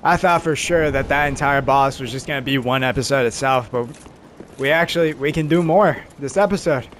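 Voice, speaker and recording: A man giving excitable let's-play commentary who yelps and shouts during fights. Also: mid-range voice, brisk. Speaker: game streamer. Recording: noisy game audio behind the voice.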